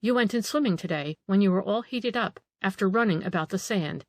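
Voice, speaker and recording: A woman reading the part of a proud, sharp, motherly Italian marchesa who scolds a young man. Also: medium pitch, fairly quick, dry recording, natural voice. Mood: scolding.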